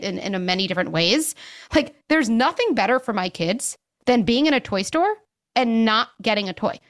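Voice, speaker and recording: A woman child psychologist speaking emphatically as a podcast guest, acting out little bits of parents and kids as she explains. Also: sits high. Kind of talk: podcast interview.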